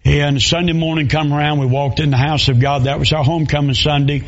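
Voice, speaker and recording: A pastor, preaching a sermon in a folksy storytelling way with plain dialect grammar. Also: male voice, a little high, steady tone, fairly quick, highs cut off. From Southern US.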